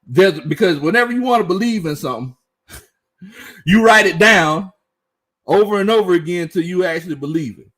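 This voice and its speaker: A man's voice: high-pitched, animated, normal speed, a bit bright. Playful man hosting a sports stream. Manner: laughs often, reads chat comments aloud, slangy and playful. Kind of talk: casual live-stream sports talk.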